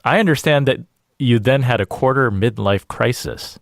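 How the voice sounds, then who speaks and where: A man hosting a finance podcast, reading sponsor lines and asking questions in a calm, measured way. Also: medium pitch, creaky, dry recording, studio quality. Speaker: podcast host. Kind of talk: scripted ad read and interview questions. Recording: guitar music underneath.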